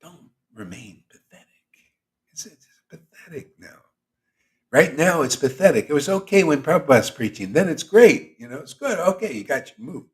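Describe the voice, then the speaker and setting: A man's voice: fairly high pitch, very animated, moderate pace. A man hosting a devotional livestream who preaches in a casual, slangy, teasing way and laughs often. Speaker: spiritual teacher hosting a chanting session.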